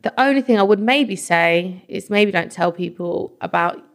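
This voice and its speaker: A woman, a talent manager, telling a story as a podcast guest in a chatty, animated way with plenty of swearing. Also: mid-range voice, moderate pace, creaky. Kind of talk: casual chat, storytelling.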